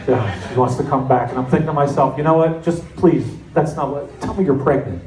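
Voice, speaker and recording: A middle-aged man from New Jersey doing a stand-up comedy set with deadpan, self-mocking storytelling. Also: fairly high pitch, a little fast, hardly any pauses, far from the mic. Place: comedy club stage. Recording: echoey club with audience noise. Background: audience laughter.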